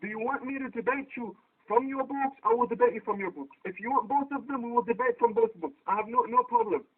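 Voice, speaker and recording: Over a tinny, phone-like voice chat with a poor-quality microphone, a man argues heatedly online, firing repeated, insistent questions at his opponent. He talks quickly in a very high-pitched voice.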